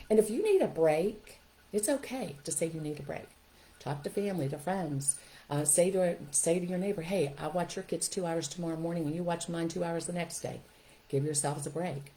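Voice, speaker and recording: A middle-aged woman hosts a parenting podcast and talks listeners through their guilt. Her voice sits low and mellow, and her manner is upbeat and coaching. She keeps checking in with "right?" and "okay?". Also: rough recording. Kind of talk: encouraging advice talk.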